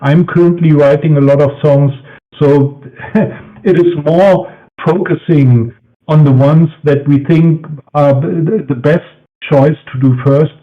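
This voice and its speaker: Guy, kinda high voice, halting answers, tinny phone-line sound. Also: steady tone. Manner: hesitant, searching for words, soft laughs. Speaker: band member, interview guest. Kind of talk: casual interview answers. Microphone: voice call. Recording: tinny phone-like call audio.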